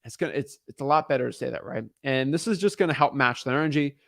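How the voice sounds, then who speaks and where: A man's voice: medium pitch, quick pace, gravelly, fairly bright tone, dry recording, clean studio sound. A man teaching real estate wholesaling in a casual monologue, often checking in with "right?" and "okay?" and restarting his sentences.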